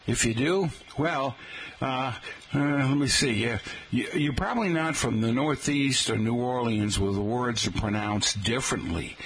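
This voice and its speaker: Male teacher with an average-pitched voice, folksy talk-radio delivery, spells words out and says "folks" a lot. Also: measured pace, a bit bright, slight background noise, low-quality recording. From Boston area, Massachusetts. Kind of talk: talk-radio style lesson on regional pronunciation.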